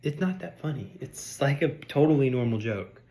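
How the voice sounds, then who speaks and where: A man's voice: mid-range voice, expressive, moderate pace, dark tone. Mock-outraged ranting man. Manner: mock-outraged, sarcastic, insulting the audience. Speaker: vlogger. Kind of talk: comedic rant.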